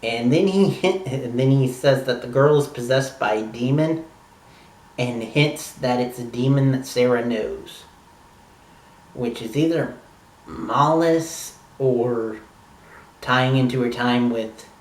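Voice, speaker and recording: A man's voice: medium pitch, slow pace, echoey room, far from the mic. A man casually recapping a TV episode for his channel, rambling and enthusiastic with lots of "like". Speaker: TV review vlogger.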